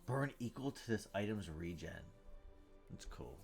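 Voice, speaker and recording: Dude streaming a card game, talks to himself, reads the cards out, yells when stuff goes his way, voice jumps all over. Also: fairly low pitch, measured pace, faint music behind. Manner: excitable, thinks aloud, reads card text aloud, bursts into loud cheers. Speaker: gameplay streamer. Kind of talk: live gameplay commentary.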